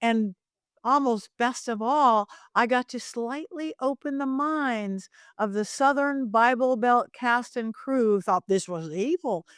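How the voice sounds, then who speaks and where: A woman's voice: a little high, measured pace, smooth, dry recording, studio quality. A middle-aged woman, a psychic medium guest, telling stories animatedly and acting out the voices in them. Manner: animated, acts out voices in her anecdotes. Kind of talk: lively storytelling interview.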